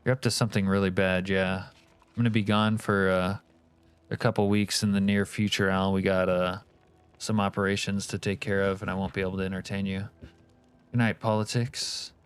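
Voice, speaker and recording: A man sits low in pitch and level in tone, speaking at normal speed in a clear, resonant voice with no echo. He hosts a livestream, reading and answering chat while swapping crude jokes with viewers.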